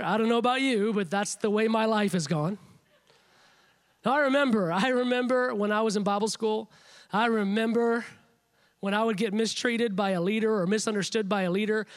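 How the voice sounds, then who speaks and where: A preacher with a strikingly high voice delivers a sermon at a moderate pace. He's emphatic, piling up repeated phrases to build each point.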